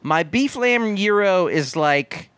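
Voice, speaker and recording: Male podcast cohost, deadpan comic, lively pitch. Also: slow pace, clear, resonant tone, no room sound, studio quality. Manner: deadpan, silly voices for bits. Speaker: podcast co-host. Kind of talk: casual comedic movie chat.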